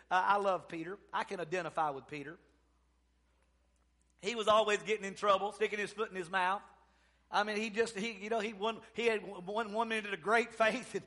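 A man preaching a sermon, swinging between loud exclamations and hushed, drawn-out storytelling. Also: high voice.

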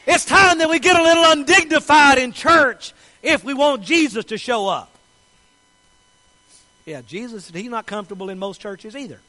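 A man preaching a sermon, his voice sitting unusually high. He talks with passion, dropping to quiet asides and then rising to shouted declarations. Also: moderate pace, rough recording. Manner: impassioned, swinging from soft asides to shouted declarations. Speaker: pastor.

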